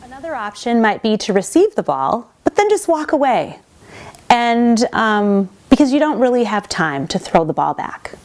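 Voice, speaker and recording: Woman speaker, earnest and explanatory, slightly high voice, inspirational talk. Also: big pitch swings, normal speed, darkish tone.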